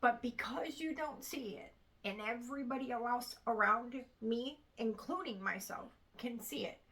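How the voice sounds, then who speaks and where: In a casual storytime vlog, a woman in her thirties vents about something that happened to her, voicing the other people involved. She has a fairly high, slightly bright voice and an unhurried pace, and the audio is poor.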